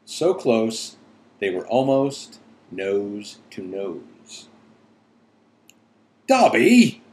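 A man reading a storybook aloud to his daughters, playful and unhurried, correcting his own slips. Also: on the low side, darkish tone, slight background noise, poor audio. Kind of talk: bedtime storybook read-aloud.

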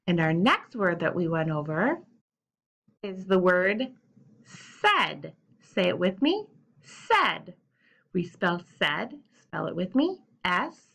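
Slow-spoken woman teaching young children. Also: medium pitch. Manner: slow, drawn-out spelling and sounding out of letters; encouraging, prompts children to repeat after her. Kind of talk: remote lesson for young children.

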